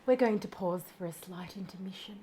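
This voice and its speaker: A woman's voice: medium pitch, fairly quick, dark tone, a little hiss or hum. A young Australian woman with an Australian accent, hosting a cooking tutorial in a cheeky, sweary, giggly way. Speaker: cooking vlogger.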